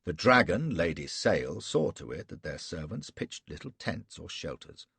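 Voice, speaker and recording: A man's voice: very deep voice, sing-song, moderate pace, gravelly, husky, no room sound. A man narrating an audiobook in the first person, in a wry, sardonic storytelling manner.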